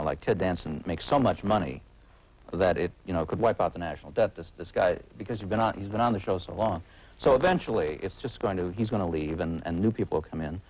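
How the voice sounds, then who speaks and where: Very deep-voiced wry man in his forties. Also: a little mellow, poor audio. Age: 40s. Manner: halting, wry, full of uh's and restarts. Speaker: TV critic guest. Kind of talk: casual talk-show conversation. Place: TV talk show studio.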